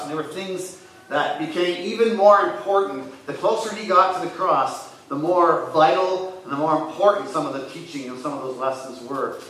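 Echoey preacher in a big hall. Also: male voice, a little high, a little hiss or hum. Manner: earnest, rises loud when retelling scripture scenes. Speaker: pastor. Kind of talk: sermon. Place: church sanctuary. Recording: echoey church hall from far off.

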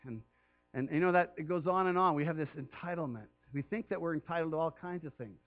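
A man's voice: fairly high pitch, fast, phone-quality sound, faint music behind. A man preaching a sermon as pastor, talking earnestly and conversationally with emphatic rises.

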